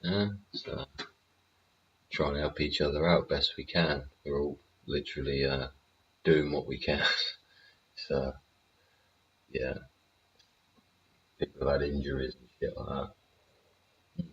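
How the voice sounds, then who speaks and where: A man with a very low voice talks in a loose, rambling monologue full of swearing and little laughs. The audio is slightly dull and lo-fi, with faint ambience behind him. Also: flat delivery, slow pace, pauses often, fairly bright tone, a little hiss or hum. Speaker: host.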